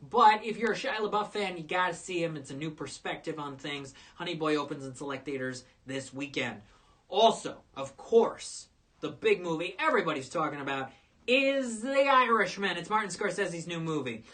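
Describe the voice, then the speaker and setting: A woman with a notably low voice hosts a live movie roundup. She delivers quick, opinionated verdicts in a casual tone, often stopping to restart with an uh. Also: expressive, fairly bright tone. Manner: opinionated, frequent uhs and restarts. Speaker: film critic hosting a live show.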